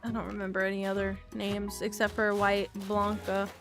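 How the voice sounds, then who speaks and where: A woman streamer chatting casually while gaming. She rambles and is self-deprecating, teary and quick to laugh. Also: medium pitch, monotone, over music. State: teary, emotional.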